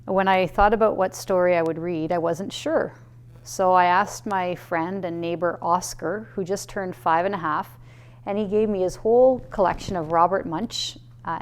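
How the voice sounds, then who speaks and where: A middle-aged woman from Canada settles in to read a children's bedtime story. Her voice sits a little low, and she tells the tale gently and kindly. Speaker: mayor reading a bedtime story. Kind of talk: storybook reading aloud.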